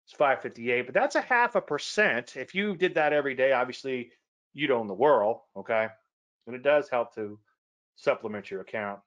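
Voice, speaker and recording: A man's voice: medium pitch, animated, moderate pace, a bit bright, dull audio. A man teaching trading over charts in a casual, rambling way, often correcting himself and adding folksy asides. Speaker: trading educator.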